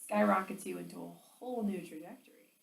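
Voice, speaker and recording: A woman giving a motivational sales training talk, chatty and animated, full of "like"s and acted-out quotes. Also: lowish voice, fast talker, gravelly, heavy background noise. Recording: roomy echo, distant mic, faint ambience.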